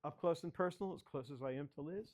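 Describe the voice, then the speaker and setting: Fast and fairly high-pitched, with a darkish tone, an older man talks to a club in a children's library area. He's a photographer there as a guest speaker, narrating stories in a chatty way as his work appears on screen and he calls for every next slide.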